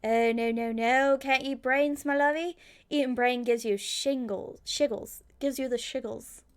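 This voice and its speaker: A woman's voice: high-pitched, fairly even intonation, unhurried, clear, resonant tone. Woman doing a cheeky English cannibal lady. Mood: teasing. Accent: English (put on). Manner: cheeky, teasing.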